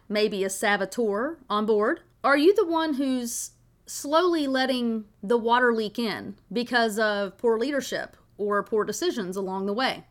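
A woman's voice: fairly high pitch, a bit bright. A woman from Tennessee hosts a motivational podcast, telling folksy stories and asking rhetorical questions in an upbeat way. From Tennessee, USA. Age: adult with children. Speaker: podcast host.

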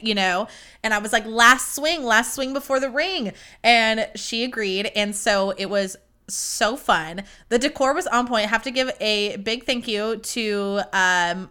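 A woman's voice: mid-range voice, sharp tone, clean tone. A young woman hosting her own podcast, chatting in a bubbly, rambling way with lots of fillers. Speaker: podcast host. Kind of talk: casual chat.

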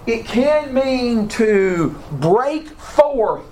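Slow, deliberate male Bible teacher. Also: very high-pitched, big pitch swings, a little mellow, slight background noise. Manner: slow, deliberate, with repeated restarts. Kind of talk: classroom Bible lecture.

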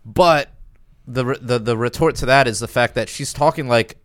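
A man hosting a casual podcast chat, relaxed and joking, swearing now and then. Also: medium pitch, normal speed, no echo, clean studio sound.

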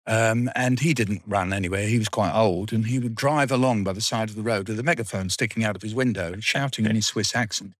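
This interview guest, an older Englishman, reminisces about school as a rambling storyteller with dry wit. He has a lowish voice and talks fairly quickly with few pauses, and there's no echo.

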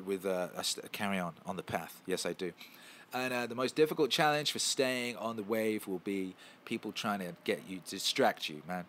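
A man's voice: on the low side, a bit bright, a little hiss or hum. A man hosting a casual live stream, answering chat questions in an emphatic, profane, repetitive way.

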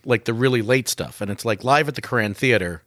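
A man acting as fact checker in a casual podcast chat, measured and analytical. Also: mid-range voice, a bit bright, no echo, clean studio sound.

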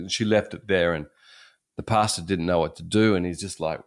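A low-voiced man in his sixties gives a sermon in an easy, chatty storytelling manner. He often circles back and restarts his phrases, and his deep voice stays unhurried. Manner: conversational, repeats and restarts phrases. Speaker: pastor.

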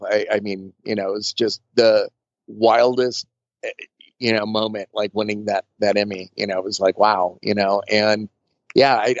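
A makeup artist being interviewed, telling stories in a chatty, rambling way with lots of fillers and restarts. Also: male voice, fairly low pitch, no room sound. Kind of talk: casual storytelling interview. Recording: dull lo-fi dry sound.

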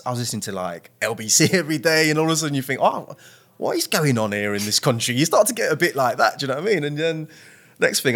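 A man, a podcast guest, speaks reflectively and grows animated when he tells stories. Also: mid-range voice. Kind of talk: podcast interview.

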